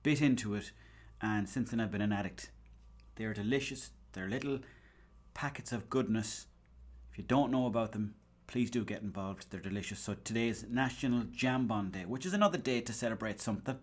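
An Irish podcast host rambles through a comic story, swearing and acting out snippets of dialogue in a casual monologue. His voice sits on the low side, runs a little fast, and has a breathy edge.

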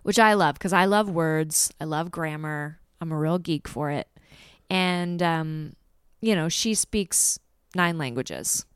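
A talkative woman in a relaxed podcast conversation, her voice smooth and clear and set a little low. She chats playfully and now and then reads a passage aloud. The sound is close and dry, with no room around it. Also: slow, dry recording. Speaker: podcast co-host. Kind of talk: casual chat.

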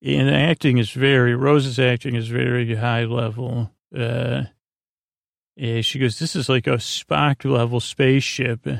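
Flat gravelly man rambling a recap. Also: medium pitch, unhurried, no echo, clean studio sound. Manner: meandering, many fillers and restarts. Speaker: podcast host. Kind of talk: rambling episode recap for sleep.

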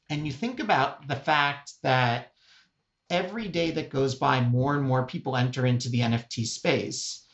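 A middle-aged man speaking as an executive guest in a casual interview, emphatic and animated, often checking in with "right?". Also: a little high, dull audio.

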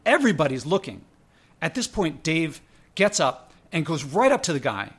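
A man with a slightly raised speaking pitch tells a story in a loose, conversational way. He leans on fillers and restarts, and his voice jumps up when he quotes other people. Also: big pitch swings, moderate pace, husky. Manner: conversational, many "like" fillers and self-corrections. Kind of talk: casual spoken anecdote.

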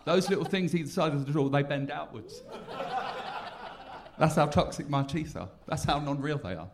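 A man's voice: on the high side, expressive, moderate pace. A man hosting a podcast, bantering cheekily in casual chat. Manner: cheeky, mock-boastful banter. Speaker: podcast host. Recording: noisy background.

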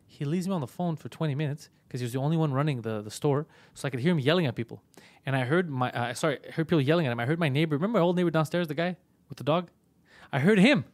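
A man's voice: fairly high pitch, very fast. A man hosting a comedy podcast, telling a story in casual chat, swearing a lot and acting out both sides of a phone argument. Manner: animated, profane, acts out both sides of phone calls.

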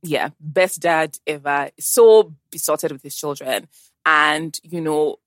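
A woman's voice: low-pitched, takes it slowly, dry recording. A woman in casual chat, talking about motherhood and acting out quotes as she tells her stories. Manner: animated storyteller, acts out quotes. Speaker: guest.

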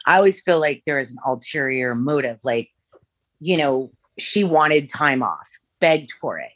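A woman recounts old memories in a low, loose voice, circling back and restarting often. The sound is dry and close. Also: expressive, unhurried, fairly bright tone, dry recording. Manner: rambling, many fillers and restarts. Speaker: former makeup artist, guest. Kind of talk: storytelling interview.

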